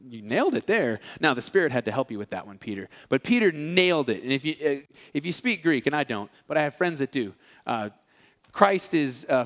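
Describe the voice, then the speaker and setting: A male preacher giving a casual, joking sermon, acting out the lines of people in his stories. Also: on the high side. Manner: animated, acts out characters' lines. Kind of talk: storytelling sermon.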